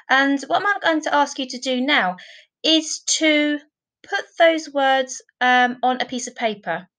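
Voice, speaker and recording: A woman teaching a primary school class in a recorded online lesson, speaking clearly and patiently, often adding tag questions. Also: high voice, fairly bright tone, poor audio.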